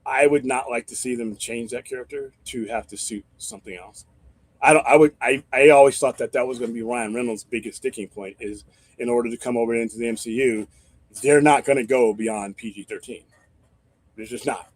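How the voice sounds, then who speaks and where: A man hosts a casual live-stream chat, wandering from thought to thought with restarts and loose swearing. His voice sits at an ordinary middle pitch. The sound is dry and close, with no room behind it. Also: brisk, breathy edge, dry recording. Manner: rambling, profane, thinks aloud with restarts. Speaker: host.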